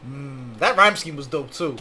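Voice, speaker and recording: A man's voice: mid-range voice, lively intonation, normal speed, bright, forceful tone. A man reacting to a rap battle as host, casual and hyped, heavy on slang and "like.". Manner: casual slang, hyped, says "like" and "my guy" a lot.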